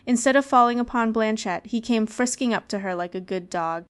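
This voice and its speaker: A woman narrating a fairy tale in a lively storytelling manner. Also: fairly high pitch, fairly quick, smooth. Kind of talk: storybook reading.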